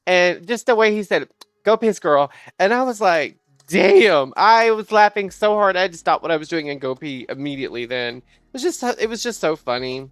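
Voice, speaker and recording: A woman livestreamer telling a funny work story in casual chat, animated and quick to laugh and swear. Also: on the low side, smooth, no room sound, clean studio sound.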